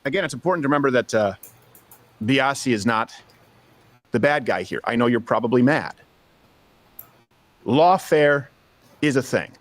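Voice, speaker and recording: A man's voice: medium pitch, lively intonation, normal speed, pauses often, dry recording. A man hosting a political commentary show, speaking emphatically in scripted narration and putting rhetorical questions to his audience.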